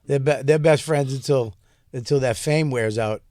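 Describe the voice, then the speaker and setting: A man's voice: mid-range voice, normal speed, a little mellow, no echo, studio quality. Brash, profane man guesting on a podcast. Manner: brash, profane storyteller who laughs often. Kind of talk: casual comedic chat.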